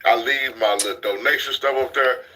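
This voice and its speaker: Man, blunt and preachy, very bright ringing tone, casual commentary. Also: mid-range voice, brisk, a little hiss or hum, low-quality recording. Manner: blunt, preachy, repeats himself. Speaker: commentary channel host.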